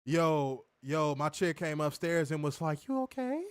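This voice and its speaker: A man's voice: a little high, steady tone, a little slow, smooth, no room sound, clean studio sound. A young man co-hosting a casual review show over a call, laughing hard and talking loose and profane. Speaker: podcast co-host. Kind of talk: casual chat.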